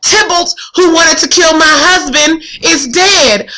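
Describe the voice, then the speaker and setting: A woman's voice: extremely high pitch, takes it slowly, pushed and bright, pitched above the performer's own voice, heavily acted, rough recording. A woman reading aloud as a young girl in love and grieving, in plain modern prose. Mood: anguished. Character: young lovestruck girl torn by grief. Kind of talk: reading a play aloud in class.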